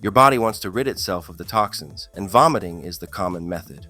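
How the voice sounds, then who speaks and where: Deep-voiced man telling funny stories. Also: animated, a little fast, sharp tone, faint music behind. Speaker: storyteller. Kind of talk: scripted narration.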